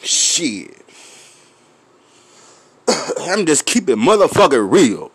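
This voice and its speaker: A man with a Memphis accent ranting to his viewers, full of cursing, laughing and clearing his throat as he smokes. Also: a little high, sing-song, very slow. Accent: Memphis Southern US. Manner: loud, profane, laughing between lines; smoking, clears throat often. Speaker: vlogger. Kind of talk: profane rant to camera.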